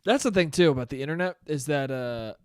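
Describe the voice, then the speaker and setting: A man's voice: a little high, lively intonation, brisk, clear, resonant tone, dry recording, clean studio sound. A young man in his twenties hosting a solo podcast, rambling in a sardonic, profane way. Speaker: podcast host. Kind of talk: solo comedic podcast monologue.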